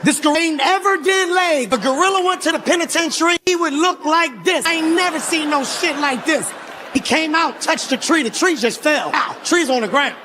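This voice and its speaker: High-pitched, shouting stand-up comic. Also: male voice, brisk, a little hiss or hum. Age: 40s. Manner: animated, profane, often shouting and laughing. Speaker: stand-up comedian. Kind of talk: stand-up storytelling. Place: live comedy stage before a crowd.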